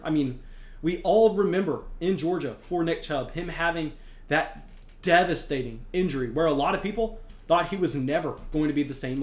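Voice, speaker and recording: An energetic young man hosts a fantasy football show, pushing hard on his points and repeating words for emphasis. His voice sits slightly high. The room around him rings with a noticeable echo. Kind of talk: excited sports analysis monologue.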